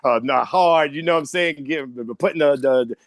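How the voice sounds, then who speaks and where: Animated man, casual podcast chat, fairly high voice, dry close sound. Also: moderate pace, no echo. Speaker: podcast co-host.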